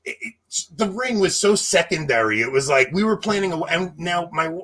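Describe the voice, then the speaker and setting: A man in his thirties telling a long personal story in casual chat, animated and laughing, acting out what people said. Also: a little high, moderate pace, a little hiss or hum. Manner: animated, laughing, acts out quotes. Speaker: podcast co-host telling a story.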